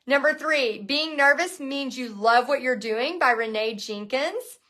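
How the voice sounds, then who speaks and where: Bright, high-voiced woman teaching. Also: a little slow. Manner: energetic, chatty, restarts sentences. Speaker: painting instructor and bootcamp host. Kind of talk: live online class, casual teaching.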